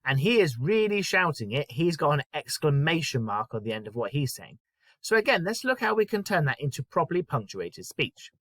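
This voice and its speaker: A man teaching a primary school lesson in a clear, patient way. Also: a little high, a little fast, no echo. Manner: clear, patient explaining with lively emphasis. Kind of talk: recorded lesson.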